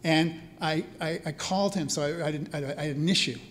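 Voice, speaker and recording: A man's voice: a little high, steady tone, fairly quick, fairly bright tone, slight background noise. A man who is a priest and spiritual care teacher, telling stories to a live audience in a chatty way. He often checks in with the listeners as he talks. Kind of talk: storytelling talk to a live audience. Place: church hall event.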